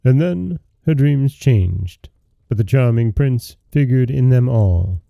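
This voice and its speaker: Man, podcast storyteller, calm measured narration, gravelly, dark mellow tone. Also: medium pitch, no echo. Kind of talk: scripted fairy-tale narration.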